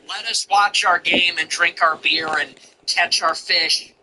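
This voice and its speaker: A man's voice: high-pitched, fairly even intonation, measured pace, bright, forceful tone, slight background noise, rough recording. A man hosting a commentary show, ranting contemptuously in repetitive, emphatic lists. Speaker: show host. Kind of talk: political commentary monologue.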